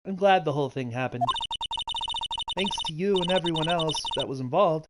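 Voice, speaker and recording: A woman voicing a composed, earnest woman exhibit manager in a calm, measured, polite way. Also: low-pitched, heavy background noise, close to an everyday voice. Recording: loud video game music behind.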